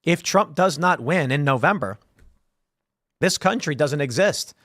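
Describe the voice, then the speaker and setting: A man in his late thirties hosts a political commentary show, speaking in an emphatic, indignant rant. His voice sits a little higher than most men's, and he pushes his points hard. The sound is dry, with no room echo. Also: lively intonation, measured pace, fairly bright tone. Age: 30s.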